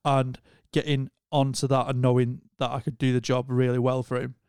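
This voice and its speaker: A man's voice: medium pitch, monotone, brisk, a little mellow, clear, resonant tone, dry recording, studio quality. A young man from Wigan with a Wigan accent, chatting casually and laid-back about touring, full of slang. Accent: Northern English, Wigan. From Wigan, England. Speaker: touring crew member, podcast guest. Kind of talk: casual chat.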